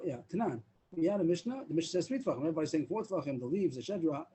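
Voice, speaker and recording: Guy teaching talmud on a video call, fast, kinda husky, lots of hebrew words mixed in. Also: fairly high pitch, mellow, rough recording. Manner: explains slowly with restarts, mixes Hebrew and Aramaic terms. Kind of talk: daily Talmud lesson over video call.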